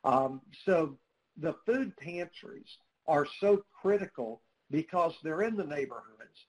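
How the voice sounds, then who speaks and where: A man with a slightly higher-than-average voice answers interview questions as a nonprofit spokesperson. He speaks earnestly and tells stories, with lots of "uh" fillers and small restarts. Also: animated, a little slow, rough recording. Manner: earnest, storytelling, frequent "uh" fillers.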